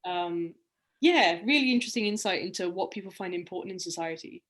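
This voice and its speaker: This is a woman in her young adult years with a voice that sits on the lower side. She talks casually and reflectively, winding through her stories with frequent ums and restarts. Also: a little fast, a bit bright. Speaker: guest, round-the-world cyclist. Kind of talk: casual podcast conversation.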